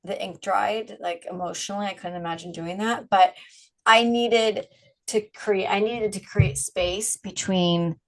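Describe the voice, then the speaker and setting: A woman's voice: mid-range voice, fairly even intonation, a little slow, low-quality recording. A middle-aged woman being interviewed, talking frankly and animatedly and laughing often. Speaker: guest, brand founder. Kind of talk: candid interview conversation.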